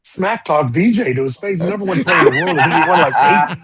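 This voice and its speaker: A man in an interview telling animated stories about his golf career, with lots of fillers. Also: a little high, brisk, crowd noise. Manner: animated storytelling with many fillers. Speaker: golfer guest. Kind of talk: storytelling interview talk.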